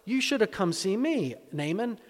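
A man's voice: sits high, very animated, normal speed, voice pushed up. A man playing a brusque commanding prophet. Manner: emphatic, commanding. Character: brusque old prophet giving orders. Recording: echoey hall.

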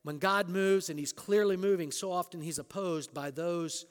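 A man preaching a sermon as pastor, rising to emphatic scripture quotes and dropping to quiet asides. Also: high-pitched, normal speed, clear, resonant tone, in a large hall.

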